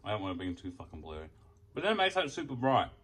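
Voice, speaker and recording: A young man telling an animated, foul-mouthed story as a casual vlog while he eats. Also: lowish voice, quick pace, recorded from a distance, a little hiss or hum. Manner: heavy swearing, animated storytelling. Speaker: food vlogger. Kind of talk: casual ranting while eating. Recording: voice off from the mic.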